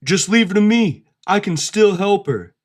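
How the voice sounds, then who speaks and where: A man's voice: sits high, animated, normal speed, voice pushed up. A man putting on the voice of a scheming male secret agent who pleads in a falsely earnest way. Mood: insistent.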